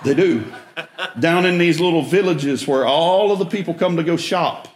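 A man's voice: on the high side, normal speed. A man preaching through a folksy, self-mocking story, with emphatic bursts. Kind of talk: storytelling sermon. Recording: echoey room.

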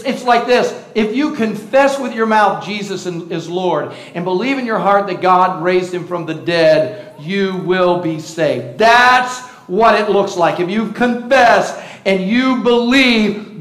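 A man's voice: high-pitched, a bit bright, roomy sound, rough recording. A male pastor preaching a sermon, quizzing the congregation and joking at his own expense. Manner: engaging, asks the congregation questions; playful, self-teasing humor. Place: church.

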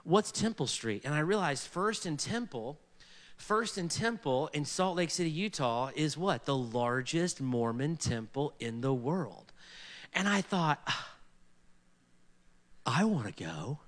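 A man's voice: on the high side, a little slow. A man preaching a story-driven sermon, acting out the people he quotes with shifting voices. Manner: animated, acts out quoted people in varied voices.

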